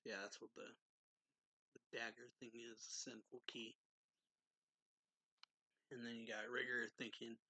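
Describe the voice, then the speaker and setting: A man's voice: medium pitch, flat delivery, a little slow, pauses often, pushed and bright, breathy edge, low-quality recording. A man casually recapping a manga chapter as a reviewer, stringing it together with "so, yeah" and "he's like". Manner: retells scenes loosely with lots of "so, yeah" and "he's like".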